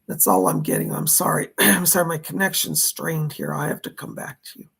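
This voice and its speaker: Hoarse gravelly man, psychic live stream. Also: a little high, sing-song, brisk, fairly bright tone. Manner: chatty, reads out viewer donations and questions. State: hoarse, voice going. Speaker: psychic medium.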